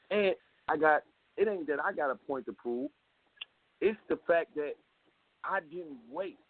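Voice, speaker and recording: A man guest telling his story in an animated way, full of street slang and swearing, heard on a tinny phone line. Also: on the high side, no echo. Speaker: rapper guest. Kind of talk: phone interview.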